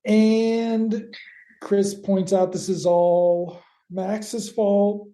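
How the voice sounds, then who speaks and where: A woman co-hosting a podcast, recapping an episode in a wry, deadpan way. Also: mid-range voice, very slow, reverberant. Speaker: podcast co-host.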